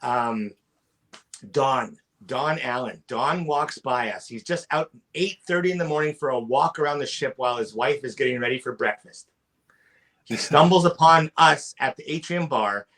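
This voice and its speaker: A man telling stories in casual podcast chat, animated, acting out the people he quotes. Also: mid-range voice, normal speed.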